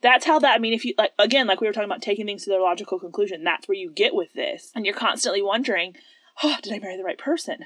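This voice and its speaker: Lively woman co-hosting a faith chat. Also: medium pitch, very fast, hardly any pauses, no room sound. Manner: lively, laughs often, quotes scripture. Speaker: podcast co-host. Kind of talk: casual faith-based chat.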